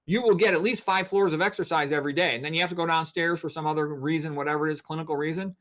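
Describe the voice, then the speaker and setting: A man's voice: a little high, fairly even intonation, very fast, a bit bright. A man in his sixties, a physician and guest, explaining things in a blunt, emphatic, lecturing way. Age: 60s. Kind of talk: interview talk.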